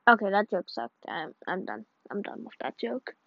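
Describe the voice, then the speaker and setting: A woman giving casual, rambling commentary while playing, excitable and mock-ranting. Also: mid-range voice, moderate pace, gravelly, no room sound. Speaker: video creator. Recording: dull lo-fi audio.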